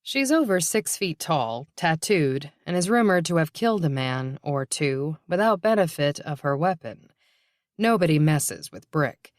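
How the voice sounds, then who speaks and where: A woman narrating a novel in a measured, even reading. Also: sits low, dry recording, clean studio sound. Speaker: audiobook narrator. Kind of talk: scripted narration.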